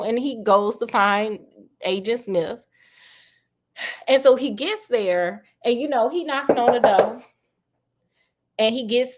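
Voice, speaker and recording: Slangy, joking woman storyteller. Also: a little high. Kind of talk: casual comic story retelling.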